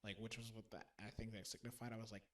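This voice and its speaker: A man co-hosting a casual podcast, excitedly retelling a story and acting out the characters' lines. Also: fairly low pitch, fast talker. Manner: animated retelling, acting out quotes. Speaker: podcast co-host. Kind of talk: casual chat.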